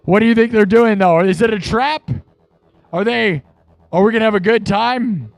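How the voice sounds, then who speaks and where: A man's voice: high-pitched, normal speed, gravelly, no echo. Brief: teasing male stream host, ranting, dry close sound. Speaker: livestream host and musician. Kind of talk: casual livestream chat.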